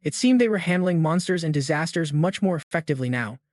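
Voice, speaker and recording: A man narrates a story recap in a steady, scripted way. His voice is a little high and the sound is dry and close. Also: fast talker, no room sound.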